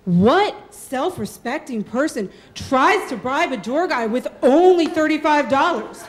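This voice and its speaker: High-voiced woman telling a story on stage. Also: a little slow. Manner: lively, laughing, acts out quoted voices. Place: small live venue with audience.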